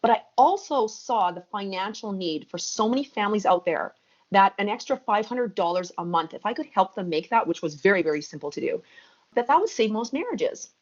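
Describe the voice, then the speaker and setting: A woman's voice: medium pitch, expressive, a little fast. A woman in her thirties, a podcast guest, telling her story with energy and emphasis. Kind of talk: podcast interview. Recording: muffled lo-fi audio.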